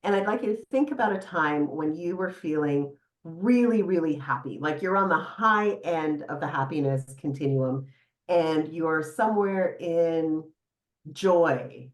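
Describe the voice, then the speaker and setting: A middle-aged woman psychotherapist speaks as a podcast guest in a fairly low voice. She talks in an animated, warm-humored way and laughs easily. The sound carries the echo of a live room. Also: moderate pace. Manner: animated, laughs often, guides listener through exercise. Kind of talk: casual podcast interview. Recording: echoey room.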